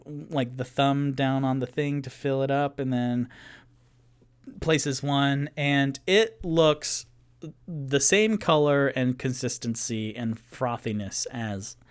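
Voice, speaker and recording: Unhurried man narrating a solo game. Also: medium pitch, smooth. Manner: casual, rambling, laughs at own jokes. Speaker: dungeon master playing solo.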